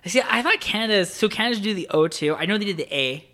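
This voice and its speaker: A young man from South Jersey talks as a podcast guest. His voice is bright and a touch high. He rambles casually, packing his talk with fillers and restarts. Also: lively intonation, fast. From South New Jersey. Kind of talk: casual chat.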